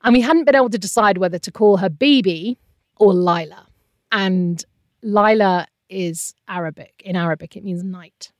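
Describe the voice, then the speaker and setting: A woman's voice: medium pitch, normal speed, no room sound, clean studio sound. A middle-aged woman, a former radio presenter, telling a personal story in an interview, candid and emotional, often trailing off. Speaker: interview guest.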